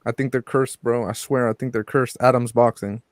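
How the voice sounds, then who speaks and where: A man's voice: mid-range voice, steady tone, moderate pace, dry recording, studio quality. Blunt, profane man on a boxing podcast. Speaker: podcast co-host. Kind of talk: casual boxing chat.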